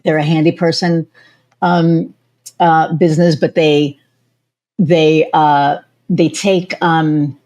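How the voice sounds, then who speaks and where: A middle-aged woman hosting a podcast, telling stories in a lively, chatty way and acting out what others said. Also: deep voice, takes it slowly, lo-fi sound. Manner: animated storytelling, acts out quoted voices. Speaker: podcast host. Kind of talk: casual chat.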